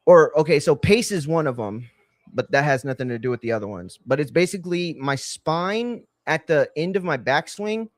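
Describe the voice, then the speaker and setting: A man's voice: medium pitch, no room sound, clean studio sound. A man hosting a live watch-along stream, chatting casually and telling rambling stories full of slang. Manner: rambling storyteller, slangy, says "bro" a lot. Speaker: livestream watch-along host.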